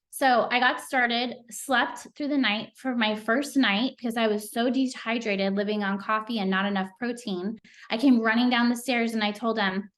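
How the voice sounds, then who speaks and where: A woman's voice: fairly high pitch, a bit bright. A middle-aged woman giving a motivational talk on a team call, earnest and chatty, with plenty of "like" and "um" fillers. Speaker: team leader speaking on a sales call.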